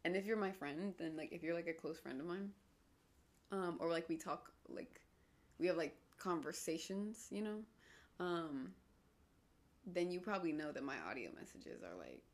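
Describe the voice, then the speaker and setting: Rambling young woman with a creaky voice. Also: fairly low pitch, animated, normal speed. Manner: digressive, self-mocking, drops into whispers. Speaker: podcast host. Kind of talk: rambling solo podcast.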